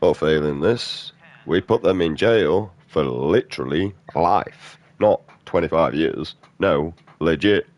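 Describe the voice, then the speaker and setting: A man's voice: rumbling low, takes it slowly, darkish tone. A man, a gaming streamer delivering an aggressive, profane rant in blunt slang. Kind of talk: angry off-topic rant during gameplay.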